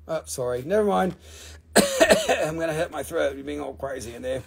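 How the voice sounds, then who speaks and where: A man's voice: on the high side, moderate pace, gravelly, darkish tone. A man hosting a casual live stream, selling rocks with profane, rambling jokes. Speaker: live stream rock seller.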